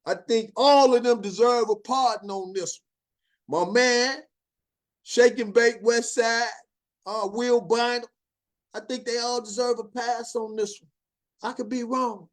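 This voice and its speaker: A man's voice: extremely high pitch, measured pace. A middle-aged man, hosting a podcast and speaking in an emphatic, drawling monologue. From Chicago. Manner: animated, emphatic, drawling storytelling with laughs. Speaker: podcast host. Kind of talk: opinionated monologue.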